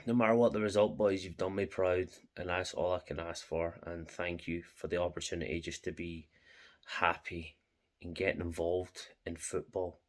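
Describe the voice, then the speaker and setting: A young Scottish man with a low voice, talking in a passionate fan reaction vlog. He speaks in a heartfelt, emotional way and keeps repeating his thanks. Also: steady tone, normal speed. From Scotland. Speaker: football fan vlogger.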